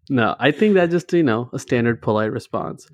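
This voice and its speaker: A man's voice: medium pitch, no room sound, clean studio sound. Easygoing man hosting a chat podcast. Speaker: podcast host. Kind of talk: casual chat.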